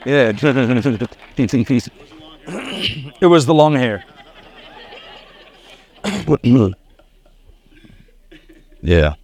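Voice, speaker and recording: A man's voice: mid-range voice, sing-song, extremely slow, pauses often, a little mellow. A middle-aged man with a South African accent preaching a sermon, telling stories with laughs and acted quotes. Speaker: pastor.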